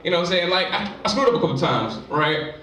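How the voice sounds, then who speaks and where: A man's voice: high-pitched, expressive, fast talker, sharp tone, a little hiss or hum. A man doing a stand-up comedy set in a live venue, talking in a loose, chatty way. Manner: loose, chatty delivery full of "you know what I'm saying". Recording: echoey live room, distant mic, crowd.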